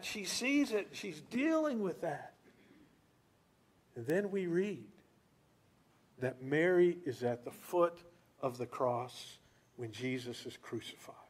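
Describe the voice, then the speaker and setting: A man with a high voice preaches a sermon, telling stories with lots of life and asking his listeners rhetorical questions. His delivery is animated and conversational.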